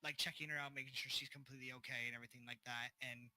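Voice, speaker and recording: A man's voice: mid-range voice, steady tone, very fast, sharp tone, poor audio. A man narrating as game master of a tabletop game, casual and loose.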